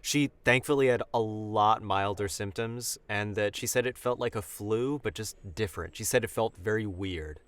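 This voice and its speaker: Bright-voiced man, casual podcast co-host. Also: lowish voice, moderate pace, hardly any pauses, smooth. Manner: playful, joking, trails off often. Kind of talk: casual chat.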